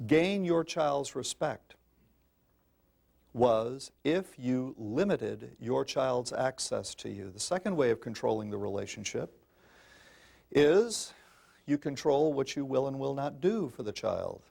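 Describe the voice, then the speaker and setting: Emphatic older man with a gravelly voice. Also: mid-range voice, expressive, takes it slowly, darkish tone. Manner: emphatic, folksy, addresses listeners as folks. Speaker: parenting speaker. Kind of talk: public talk to an audience.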